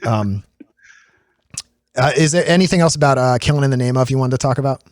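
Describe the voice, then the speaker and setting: A man in his thirties hosting a podcast in casual conversation, lively, with many fillers and restarts. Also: medium pitch, moderate pace, no room sound, clean studio sound. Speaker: podcast host.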